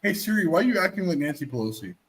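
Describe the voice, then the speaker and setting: A man's voice: high-pitched, sing-song, very fast, fairly bright tone. A man streamer in casual chat, talking in a playful, teasing, joking way.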